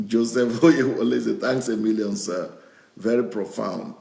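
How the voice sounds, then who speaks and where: A man's voice: mid-range voice, unhurried, gravelly, dark tone. A man, a pastor, reading out viewer comments and chuckling often as he goes. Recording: roomy echo.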